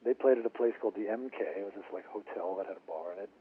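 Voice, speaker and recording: A man's voice: lowish voice, very fast, slightly rough. A man, a guitarist guest on a radio interview, telling stories and acting out what people said. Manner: animated storyteller acting out quotes. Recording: phone-line audio.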